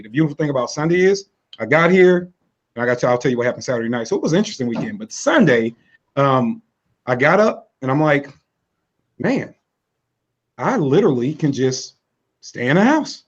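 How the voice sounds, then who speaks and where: A man co-hosting a podcast with a hoarse voice, rambling and hesitant with many fillers. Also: mid-range voice, expressive, fast talker, lo-fi sound. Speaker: podcast co-host. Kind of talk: casual podcast chat.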